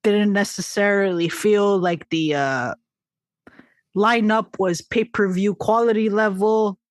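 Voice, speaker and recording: A woman's voice: medium pitch, takes it slowly, no echo. A woman from Montreal co-hosting a casual podcast, with playful, giggly banter. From Montreal, Canada. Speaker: co-host.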